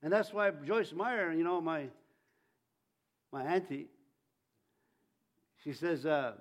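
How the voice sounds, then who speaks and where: A male preacher with a fairly high voice speaks slowly and fervently in a sermon, leading the congregation to repeat his lines back in call-and-response.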